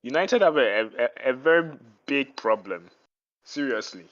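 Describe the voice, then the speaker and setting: A man on a muffled online call, chatting about football slowly and emphatically, repeating his points. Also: mid-range voice, animated. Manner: slow, emphatic, repeats himself. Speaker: co-host. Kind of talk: casual chat.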